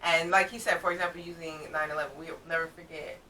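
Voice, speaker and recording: A bright-voiced woman co-host in a casual reaction chat, talking in long animated explanations and laughing often. Her voice sits a little low and sounds a step back from the mic, with a faint rumble underneath. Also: fast talker, far from the mic, low-quality recording.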